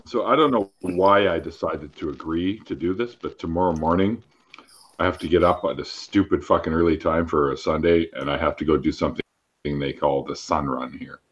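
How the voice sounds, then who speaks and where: A man's voice: extremely low pitch, normal speed, husky, lo-fi sound. A man hosting a casual group livestream chat. He talks loosely, swears freely and laughs often. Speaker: livestream host.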